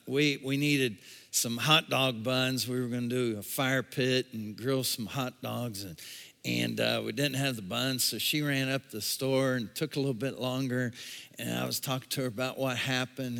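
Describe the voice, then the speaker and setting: A man's voice: mid-range voice, bright, forceful tone. A man preaching a sermon as pastor, emphatic and repetitive, building intensity as he urges his congregation. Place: church sanctuary. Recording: long hall reverb.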